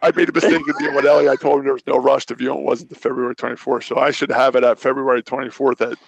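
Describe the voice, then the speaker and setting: A man's voice: medium pitch, flat delivery, rapid-fire, vocal fry, a little hiss or hum. A man telling a long, rambling story in a casual podcast chat, often restarting his sentences and replaying what others said to him. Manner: rambling, self-interrupting, recounts his own conversations. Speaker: local racer, regular guest.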